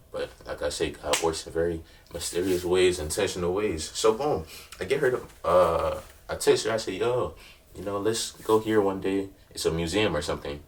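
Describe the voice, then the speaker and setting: Young male vlogger, deep and low, easygoing slangy storyteller, a little off-mic. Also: a bit bright, recorded from a distance. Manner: laid-back slangy storytelling with constant check-ins. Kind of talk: casual storytime.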